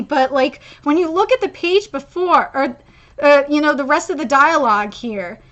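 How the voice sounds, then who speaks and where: A woman's voice: high voice, expressive, normal speed, fairly bright tone, lo-fi sound. A woman streaming a live manga reaction, talking emotionally and rambling with many fillers and restarts.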